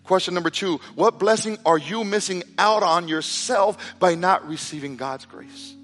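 A man preaching a sermon as pastor, telling a story with animated delivery that drops to a hushed, intense tone. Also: high-pitched, normal speed. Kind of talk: sermon with storytelling and altar call. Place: church sanctuary. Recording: reverberant hall with soft music behind.

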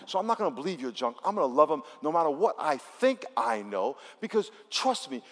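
A man's voice: a little high, sing-song, a little fast, hardly any pauses, a bit bright, in a large hall. A man preaching a sermon as pastor at a church service, talking conversationally and emphatically and leading the congregation in call-and-response.

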